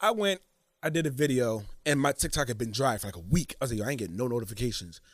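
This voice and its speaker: A man in casual podcast chat, telling animated stories about his impressions. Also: medium pitch, fast, no echo, clean studio sound. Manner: animated storytelling, slips into voices.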